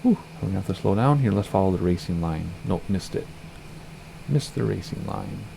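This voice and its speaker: A man streaming a flight simulator, chatting casually and rambling, with a slightly hoarse voice. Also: sits low, animated, fairly quick, dark tone, slight background noise. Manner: chatty, rambling, self-correcting. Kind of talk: casual gameplay commentary.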